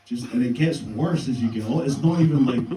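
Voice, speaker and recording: A deadpan male stand-up comedian performs a set on a comedy club stage, his delivery halting and full of fillers. His voice is mid-range. The recording comes from a distant, echoey room mic with background noise.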